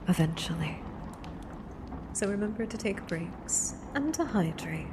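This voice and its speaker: Gravelly whispering woman streamer. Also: medium pitch, a little slow, pauses often, background noise. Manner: excitable, drifts between whisper and soft speech. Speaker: streamer and horror story reader. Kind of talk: ASMR stream chat, mostly whispered. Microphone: close mic right in front of her.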